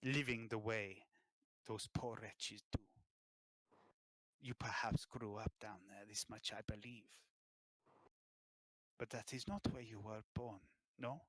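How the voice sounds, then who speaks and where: A man voicing a refined, proud, self-made gentleman who speaks in a slow, formal, hushed way. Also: on the low side, fairly even intonation, no echo, rough recording. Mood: probing.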